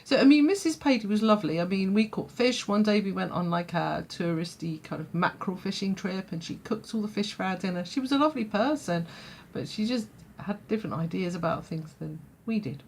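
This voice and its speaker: A woman's voice: medium pitch, expressive, brisk, vocal fry, hardly any pauses, slight background noise. A woman telling a childhood story in a vlog, chatty, full of fillers and laughing often. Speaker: vlogger.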